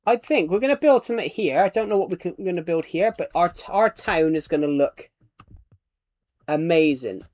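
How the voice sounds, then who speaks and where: A man's voice: sits high, animated, a little fast, a little mellow, no echo, clean studio sound. Rambling man streaming a game. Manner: rambling, chuckling at his own jokes. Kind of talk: casual gameplay chat.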